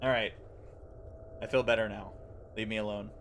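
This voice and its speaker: A man's voice: on the low side, moderate pace, slight background noise. Man streamer reading game text aloud. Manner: animated reading with stumbles and laughs.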